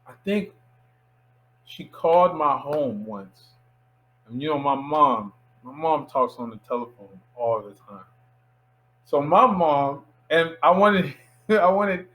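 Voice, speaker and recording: A young man from Miami, a filmmaker, telling a story as an interview guest, acting out the people in it. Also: on the high side. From Miami, United States. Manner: animated storyteller acting out quotes.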